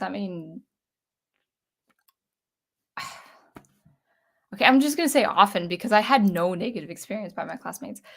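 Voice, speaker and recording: A woman's voice: mid-range voice, a bit bright. A young adult woman, a composer, thinking aloud in a casual talk to camera, with frequent restarts. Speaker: composer vlogger.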